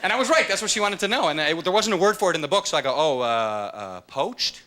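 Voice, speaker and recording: A man doing a stand-up comedy set on stage, acting out voices and shouts. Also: sits high, racing, slight background noise. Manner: animated, jumps into shouted voices for characters. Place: comedy club stage with audience laughter. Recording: live club recording, loud audience laughter.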